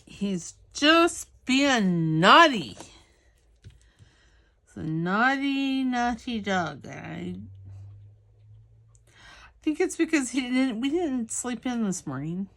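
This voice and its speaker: A woman's voice: on the high side, very animated, slow, long pauses, sharp tone. A woman with a Southern US accent chatting casually as she works on a craft project, talking to her viewers and now and then to her dog. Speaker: crafting channel host. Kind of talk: casual crafting vlog chat.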